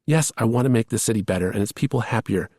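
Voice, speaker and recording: A man's voice: medium pitch, darkish tone, no room sound, clean studio sound, voice pushed up, natural voice. A man reading a thriller audiobook, voicing an earnest, eager young woman who is a police rookie. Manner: eager, pleading, fast-rising emotion.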